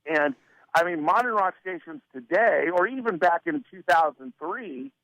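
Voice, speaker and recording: A man's voice: a little high, normal speed, dry recording, dull audio. A man telling radio-station stories in a casual interview. He acts out the lines of the people he quotes, with many fillers and restarts. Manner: animated storyteller who acts out quoted dialogue; many fillers and repeated starts. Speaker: radio consultant, interview guest.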